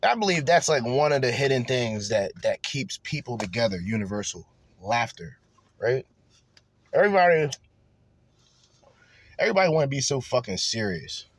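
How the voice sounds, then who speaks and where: A man's voice: medium pitch, big pitch swings, normal speed, pauses often, slightly rough. A man hosting a reaction commentary show, ranting crudely and mockingly with lots of profanity. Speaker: commentary podcast host.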